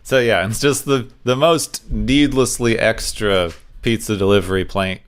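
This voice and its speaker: A man co-hosts a casual podcast, sharing bits of trivia in an easygoing way. His voice sits on the low side. It sounds smooth and clear. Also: measured pace. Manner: relaxed, recounts trivia with fillers. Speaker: podcast co-host.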